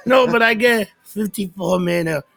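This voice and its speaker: A man's voice: high-pitched, moderate pace, gravelly, fairly bright tone. A man co-hosting a podcast, chatting casually and ranting with lots of profanity. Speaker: podcast co-host.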